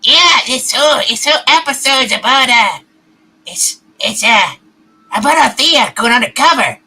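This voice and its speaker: Giggly female co-host, very bright, lively voice. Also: sits high, moderate pace, breathy edge, low-quality recording. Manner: giggly, playful. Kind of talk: casual TV episode review.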